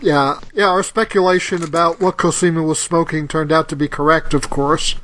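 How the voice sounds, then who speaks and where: A man's voice: fairly high pitch, fairly even intonation, normal speed, sharp tone. A man co-hosting a podcast in casual chat, recapping plot with easygoing amusement. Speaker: podcast co-host. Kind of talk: casual chat, TV episode discussion.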